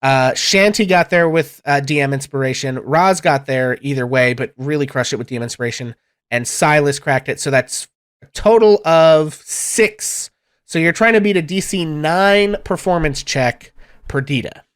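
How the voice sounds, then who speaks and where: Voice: medium pitch, moderate pace, clear, resonant tone. Game master running d&d over a call, rambling, gets worked up about rules. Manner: rambling, animated rules talk.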